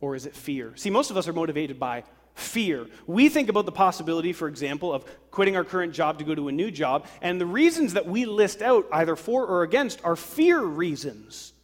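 A man preaching a sermon to a congregation, lively and acting out worried voices. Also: a little high, fairly quick, few pauses. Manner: animated, acts out worried voices. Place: church sanctuary. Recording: long hall reverb.

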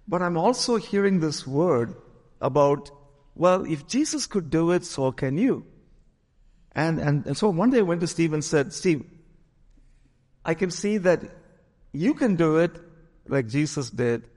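A man's voice: a little high, lively intonation, a little slow, pauses often, darkish tone, big-room sound. A pastor telling a story in a sermon, acting out the voices of the people he quotes.

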